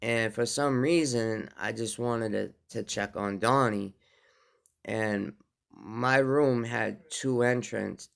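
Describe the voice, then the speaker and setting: Low gravelly male storyteller, unhurried, halting with fillers, smooth resonant tone. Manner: slow, halting, with many fillers and restarts. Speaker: vlogger telling a personal story. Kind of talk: casual spoken storytelling.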